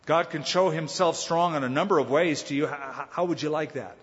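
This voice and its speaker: Man teaching a sermon in a reverberant hall. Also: a little high. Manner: conversational Bible teaching, dramatic pauses and voiced quotes. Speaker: pastor. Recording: dull lo-fi sound with long hall reverb.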